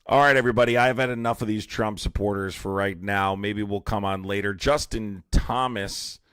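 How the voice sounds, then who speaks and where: A young man's low voice, recorded close and dry with no room sound. He hosts a live stream and fires back at commenters by name. His delivery is heated and combative, with sudden rises into indignation. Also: fairly even intonation, moderate pace, fairly bright tone, clean tone, no echo. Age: young adult. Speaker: livestream host. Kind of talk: live-stream chat, reacting to viewer comments.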